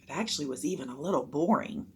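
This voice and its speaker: A woman reading a children's chapter book aloud with expressive narration. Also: low voice, fast, husky.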